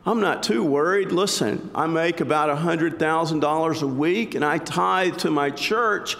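Calm, smug wealthy man, played by a male preacher; reverberant room. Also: a little high, unhurried, vocal fry. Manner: relaxed, grinning. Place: church sanctuary. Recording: long church reverb.

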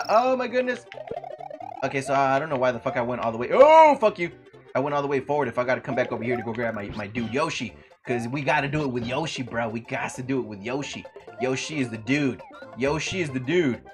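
A man livestreaming a game, chatting casually with viewers, swearing freely and yelling at the game in sudden high-pitched outbursts. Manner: profane, excitable trash talk at the game; greets viewers by name. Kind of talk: casual gaming livestream commentary.

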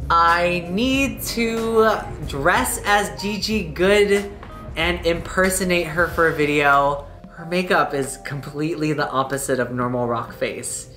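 Campy drag host, lively and unhurried. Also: male voice, sits high. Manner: campy, playful, self-mocking. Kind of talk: comedic makeup tutorial.

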